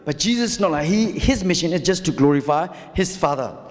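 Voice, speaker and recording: High-voiced Burmese-accented man preaching. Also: animated, fairly quick. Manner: impassioned preaching with rhetorical questions and calls to the congregation. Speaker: pastor. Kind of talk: sermon. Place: church hall. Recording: reverberant church hall.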